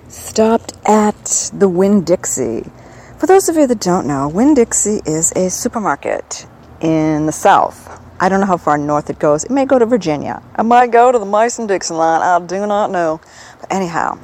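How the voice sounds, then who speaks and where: A woman's voice: on the low side, darkish tone, a little hiss or hum, poor audio. A woman from the northern United States, chatting in a digressive, self-amused way into a handheld recorder for her audio diary. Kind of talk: rambling personal audio diary.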